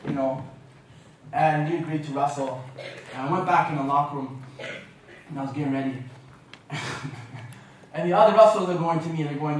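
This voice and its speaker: Give me a man spinning an animated, self-mocking story in a lecture hall, recorded from far away with a little noise behind. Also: fairly high pitch, a little fast, pauses often. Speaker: guest speaker. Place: university lecture room.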